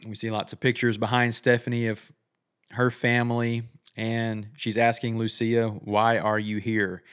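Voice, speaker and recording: A man's voice: medium pitch, little pitch movement, a little slow, a bit bright, clear, resonant tone. A middle-aged man hosting a gaming channel, chatting casually through a game trailer breakdown and thinking aloud with frequent "uh"s.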